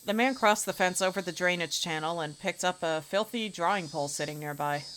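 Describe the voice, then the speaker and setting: Low-voiced woman streamer reading a visual novel. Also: a little fast, slight background noise. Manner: casual, expressive asides between even narration.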